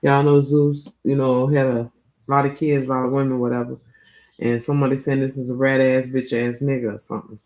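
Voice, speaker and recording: A man's voice: medium pitch, flat delivery, fairly quick, a little mellow, low-quality recording. A man giving a casual, profane tarot reading, tagging his points with a questioning "okay?". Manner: loose and profane, tags lines with "okay?". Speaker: tarot reader.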